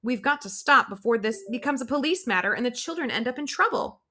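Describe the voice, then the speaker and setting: A woman's voice: a little high, animated, brisk, pushed and bright, voice pushed up. A woman voicing an earnest young female teacher who talks in a flustered, pleading way.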